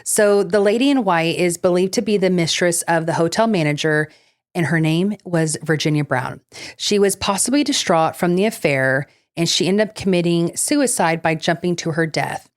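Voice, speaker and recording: Her voice sits on the low side and moves at a normal pace as she co-hosts a laid-back podcast chat. She laughs readily, uses lots of fillers, and slips into reading ghost-story notes.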